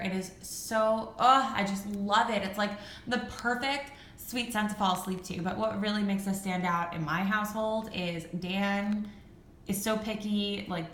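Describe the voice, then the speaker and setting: A woman talks casually and at length, with plenty of ums and likes. Her voice is bright and forward. The room echoes noticeably around her, with faint noise behind. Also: mid-range voice. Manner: chatty, rambling, frequent ums and likes. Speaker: vlogger reviewing wax melts. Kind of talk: casual chat. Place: home room with high ceilings.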